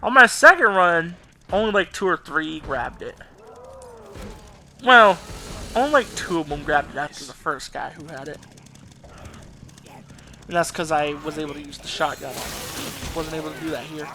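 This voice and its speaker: A man's voice: a little high, expressive, moderate pace, pauses often, background noise. A Southern man giving casual, rambling let's play commentary, swearing and laughing freely. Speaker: gaming YouTuber.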